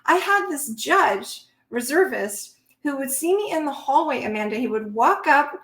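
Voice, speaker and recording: A middle-aged woman, a Navy veteran, telling stories in an interview in an animated way and laughing between them. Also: high voice, moderate pace. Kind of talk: conversational interview storytelling. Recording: roomy echo.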